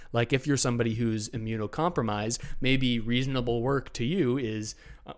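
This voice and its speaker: Guy doing a casual livestream q&a, lots of uhs and restarts, chatty, talking to his viewers. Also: medium pitch. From Canada. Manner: chatty, thinking aloud with many fillers and restarts. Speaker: channel host answering viewer questions.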